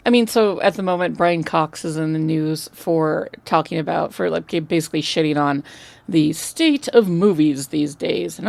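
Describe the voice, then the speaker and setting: A woman co-hosting a film podcast, chatting casually, swearing freely and throwing in animated asides. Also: low-pitched, moderate pace, gravelly. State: just woke up. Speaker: podcast co-host. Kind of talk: casual chat.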